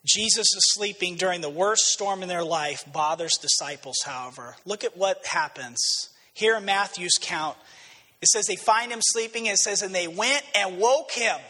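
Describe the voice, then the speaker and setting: A man preaching a sermon, dramatic and storytelling, dropping low and then rising to shouts. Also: moderate pace, in a large hall. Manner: dramatic, swings between quiet and shouted quotes. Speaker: pastor.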